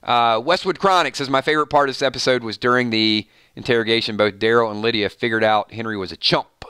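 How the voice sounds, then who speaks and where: A laid-back man hosting a live stream, reading viewer comments and answering them casually. His voice is bright and forward, in a mid pitch, and the sound is dry and close, with no room echo. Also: quick pace, clear, resonant tone. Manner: laid-back, laughs often, calls people man. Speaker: host reading live chat.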